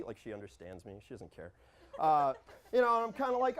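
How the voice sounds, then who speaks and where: A man telling a rambling comic story from his own life, acting out what he and others said in lively voices. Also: on the high side, fairly quick. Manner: rambling, animated, quotes himself in lively voices. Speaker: improv storyteller.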